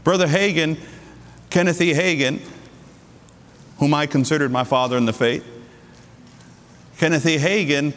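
A middle-aged man preaches a sermon in a church hall, his voice sitting a little high for a man. He leans on key words, slowing down and leaping up in pitch for emphasis. A long reverb trails behind him in the room. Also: a bit bright. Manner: emphatic preaching with sudden pitch jumps and slowed stresses. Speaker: pastor.

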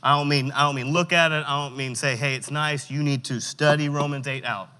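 A youth pastor with a high, bright, clean male voice preaches a sermon in a church hall with long reverb, keeping a steady tone. He draws responses out of the audience and reads scripture slowly and with emphasis.

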